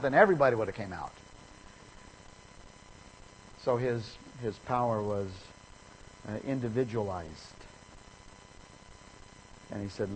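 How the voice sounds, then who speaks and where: A man preaching a sermon, telling a story in an animated way and acting out the people in it with sudden rises in pitch and volume. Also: normal speed, pauses often, a little hiss or hum, poor audio.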